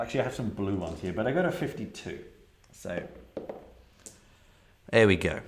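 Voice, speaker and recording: Lively low-voiced man reading a solo game. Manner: casual, self-correcting asides. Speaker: solo game player and narrator. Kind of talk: reading aloud and commenting on a solo tabletop game. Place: home desk with camera.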